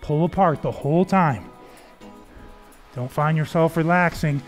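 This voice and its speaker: A man's voice: fairly high pitch, measured pace. Upbeat man coaching a workout. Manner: upbeat and encouraging, counting reps. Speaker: fitness coach. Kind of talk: workout instruction. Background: faint background music.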